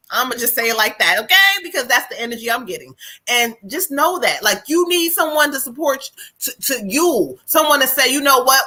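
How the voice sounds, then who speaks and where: A woman's voice: high-pitched, very animated, brisk, pushed and bright. A woman from New Jersey giving a psychic reading on a live stream, blunt and profane. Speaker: psychic medium.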